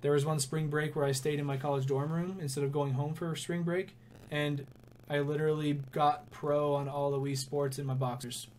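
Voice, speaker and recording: Young male podcast co-host, rambly and giggly, slightly high voice, faint noise. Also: level tone, normal speed, a little mellow. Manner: rambling, laughs often. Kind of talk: casual sports chat.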